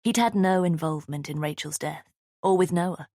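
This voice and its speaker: A woman narrating a thriller audiobook in the first person, tense and steady, on a close studio mic. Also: on the low side, moderate pace, no room sound. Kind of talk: scripted narration.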